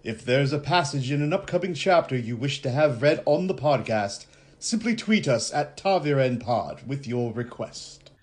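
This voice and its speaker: Male announcer for a podcast segment, very lively pitch. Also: normal speed.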